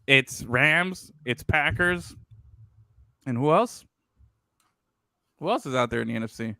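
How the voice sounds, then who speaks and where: A man's voice: medium pitch, animated, unhurried, creaky, sharp tone, dry recording. A man co-hosting a casual sports talk show, loose and profane, rambling with plenty of fillers. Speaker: podcast co-host.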